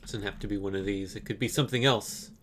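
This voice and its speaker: A man streaming, chatting casually with relaxed, offhand asides. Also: on the low side, quick pace, slight background noise.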